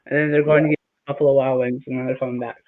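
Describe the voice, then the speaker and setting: A man chatting casually in a group stream, quick and offhand. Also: medium pitch, flat delivery. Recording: tinny phone-like line.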